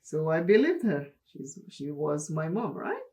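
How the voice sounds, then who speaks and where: A woman from Dominica, hosting a makeup tutorial and telling a personal story in an unhurried, chatty way. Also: sits low, very animated, mellow. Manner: unhurried, chatty, laughs while telling stories. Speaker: makeup channel host.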